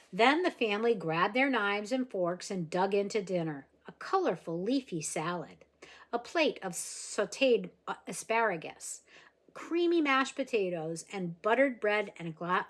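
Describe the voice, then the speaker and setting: A woman reading a children's novel aloud, expressive and gentle, with small slips here and there. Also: mid-range voice, measured pace. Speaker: reader.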